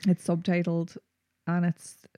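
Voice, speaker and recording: A young woman co-hosts a podcast in easy, casual chat, upbeat and quick to chime in with agreement. Her voice is lowish and mellow, and the recording is close and dry. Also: monotone, dry recording. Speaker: podcast co-host.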